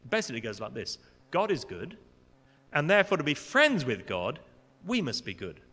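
A man preaching a sermon in a church, expressive and building to emphatic peaks. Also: on the high side, normal speed, breathy edge. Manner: expressive, rising to indignant emphasis. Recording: long church reverb.

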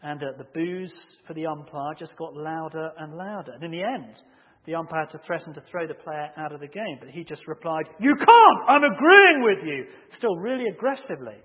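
Male preacher, emphatic sermon delivery, muffled lo-fi hall recording. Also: a little high. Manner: measured, emphatic, building to loud acted shouts in anecdotes. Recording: muffled audio with long hall reverb.

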